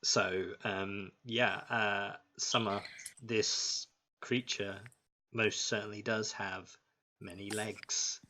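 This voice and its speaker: A man narrating as game master of an online tabletop game, slow and halting with many ums. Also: fairly low pitch, level tone, bright, forceful tone, poor audio.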